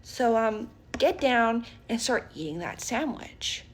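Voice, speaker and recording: A woman voicing a rich teenage girl bully who talks in a hushed, falsely sweet, mocking way. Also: on the high side, lively intonation, slow, slight background noise. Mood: taunting.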